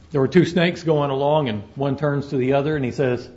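A man's voice: mid-range voice, steady tone, fast talker, hardly any pauses, mellow. A man preaching a sermon as pastor, folksy and conversational, joking with his congregation, on a dull lo-fi recording.

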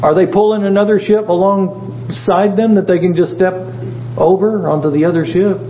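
A man's voice: sits high, fairly even intonation, moderate pace. A man leading an informal Bible study, talking conversationally and asking his group questions. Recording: echoey room, tinny phone-like sound, faint hum.

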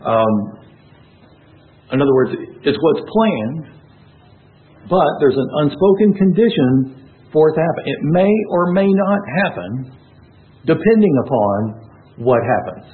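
A man's voice: on the high side, big pitch swings, unhurried, long pauses. A man giving a methodical Bible teaching and working through verses with rhetorical questions. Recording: thin phone-like sound.

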